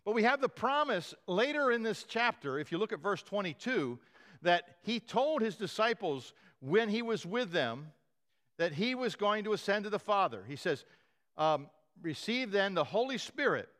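A male pastor preaching a sermon, telling the story with animated voices for the quoted lines and frequent chuckles. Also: sits high, moderate pace.

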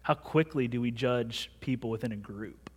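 Medium in pitch with a darkish, slightly rough tone, this man in his thirties preaches at normal speed. As pastor of a large church, he tells his sermon conversationally with self-mocking humor, captured with long hall reverb.

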